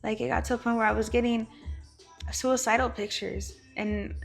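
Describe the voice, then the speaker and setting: A woman's voice: on the high side, steady tone, normal speed, vocal fry, soft background music. A woman talking frankly and profanely as a guest, telling a personal story with Spanish phrases mixed in.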